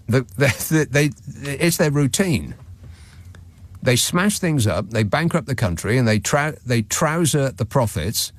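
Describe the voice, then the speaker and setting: A man hosting a radio phone-in, his delivery sardonic and laced with chuckles as he reads listeners' messages aloud. His pitch moves a lot, rising and falling for emphasis. He speaks close to a studio mic in a dry, dead room. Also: no echo. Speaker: radio talk show host. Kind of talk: late-night radio phone-in monologue. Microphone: studio microphone.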